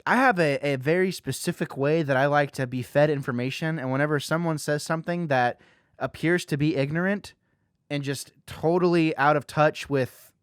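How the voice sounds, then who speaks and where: A man hosting a casual podcast, talking in an animated way with lots of "you know" fillers. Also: on the high side, moderate pace, smooth, dry recording, studio quality. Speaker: podcast host.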